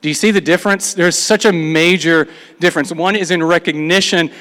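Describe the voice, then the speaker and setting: Male pastor, sermon, scripture reading, fairly high pitch, long reverb. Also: steady tone, brisk, a bit bright. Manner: reads scripture aloud, acts out the people's complaints.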